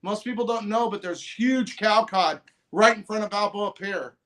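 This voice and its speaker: Guesting on a podcast, a high-pitched middle-aged man spins a lengthy, casual story at a moderate pace. He rambles and starts over, acting out other people's lines with animated voices.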